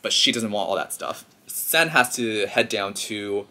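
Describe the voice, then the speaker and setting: A man chatting casually as a vlogger, recapping a film in an animated, filler-heavy way. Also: fairly low pitch, a little slow.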